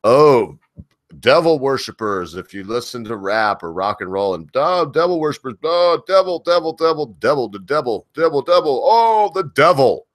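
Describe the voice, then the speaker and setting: A man's voice: mid-range voice, big pitch swings, moderate pace, dry recording, studio quality, pitched above the performer's own voice, natural voice. A man mimicking a panicky, preachy Christian who wails about the devil in a whiny voice. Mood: hysterical. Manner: whiny, hysterical, repetitive wailing.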